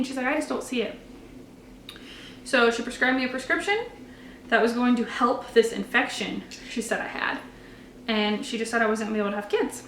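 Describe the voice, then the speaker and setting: A woman's voice: fairly high pitch, steady tone, brisk, long pauses, fairly bright tone, reverberant, a little hiss or hum. A woman in her twenties candidly telling her own story in a vlog. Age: 20s. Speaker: vlogger.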